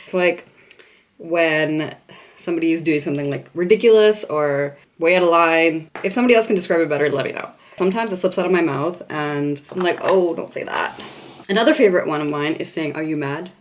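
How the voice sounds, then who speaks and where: A woman's voice: low-pitched, fairly quick, slight background noise. A woman with a Canadian accent chatting casually in a get-ready-with-me vlog, laughing at herself as she goes. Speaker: vlogger.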